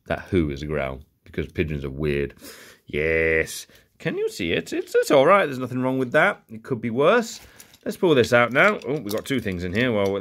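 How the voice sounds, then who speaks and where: Low-voiced yet fairly bright in tone, a young male vlogger who collects toys rummages through a bag of old toy cars. His unboxing commentary is casual and jokey, rambling along with muttered asides.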